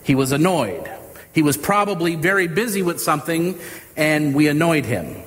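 A preacher voicing a calm, patient father. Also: a little high, moderate pace. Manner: calm, explanatory. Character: calm, patient father teaching his daughter. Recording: reverberant hall with faint ambience.

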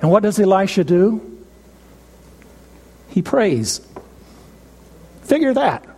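This sermon comes from a man with a high, dark, slightly rough voice that swings widely in pitch. He retells a story using emphatic stresses and dramatic pauses, and a long reverb suggests a large hall.

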